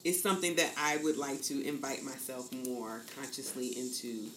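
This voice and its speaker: A Southern American woman in her fifties, with a bass voice and a fairly bright tone, talks at a normal pace as a podcast guest. She speaks candidly and reflectively, acting out the voices of people she quotes. The room is echoey, with faint background noise.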